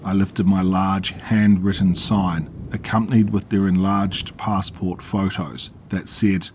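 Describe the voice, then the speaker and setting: A man narrating a horror story in a calm, measured way. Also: low voice, slight background noise.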